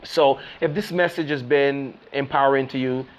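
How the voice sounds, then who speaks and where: A man's voice: mid-range voice, fairly even intonation, moderate pace, poor audio. A man giving a casual, upbeat motivational talk as a podcast host, preachy and playful with wordplay.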